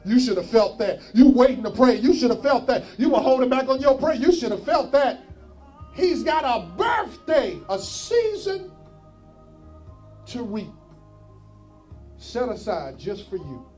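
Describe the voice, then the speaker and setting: A high-pitched male preacher delivers an altar call from the pulpit, repeating his pleas again and again and building to shouts. Soft music plays beneath his voice. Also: big pitch swings, unhurried, pauses often. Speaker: pastor.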